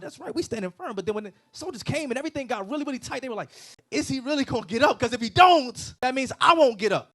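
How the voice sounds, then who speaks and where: A man preaching a sermon as a pastor, animated and conversational, moving between loud emphatic peaks and quiet, hushed scripture reading. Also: medium pitch. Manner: casual conversational asides to the congregation.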